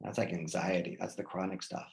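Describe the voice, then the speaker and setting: A man talking casually as a guest, telling personal stories in an animated way and often checking in with "right?". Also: low-pitched, a little fast, gravelly, poor audio. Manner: animated, lots of restarts and "right?" tags. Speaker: guest speaker. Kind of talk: casual conversational storytelling.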